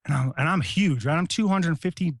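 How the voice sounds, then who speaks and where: A middle-aged American man, a retired Army Ranger, telling stories in casual talk, animated and profane, shouting out the lines he quotes. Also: fairly high pitch, fairly quick, dry recording, studio quality. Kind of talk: casual storytelling.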